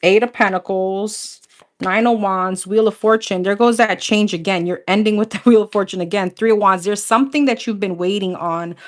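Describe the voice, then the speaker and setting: A woman's voice: mid-range voice, moderate pace. A young adult woman doing a casual tarot reading, calling out cards one after another and chatting with viewers, laughing often. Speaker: tarot reader.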